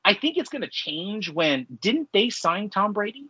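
A man's voice: sits high, big pitch swings, moderate pace, sharp tone, breathy edge, no room sound, lo-fi sound. A man in his forties co-hosting a podcast, talking in a rambling casual way full of filler words and ranting. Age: 40s. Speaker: podcast co-host. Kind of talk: casual chat.

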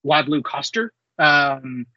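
A man co-hosting a podcast, chatting excitably and profanely about a movie. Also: a little high, slow, dry recording, dull audio. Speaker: podcast co-host. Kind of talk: casual movie chat.

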